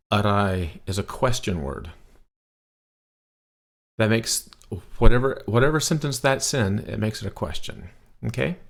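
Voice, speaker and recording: A man's voice: on the low side, creaky. A man teaching a recorded beginner language lesson, patient and encouraging, checking in with "okay?" as he explains.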